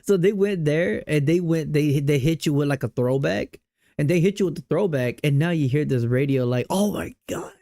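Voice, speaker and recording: A man's voice: fairly high pitch, moderate pace, dark tone, no room sound. A young man streaming, reacting to game music in casual, slangy chat, hyped and repeating himself.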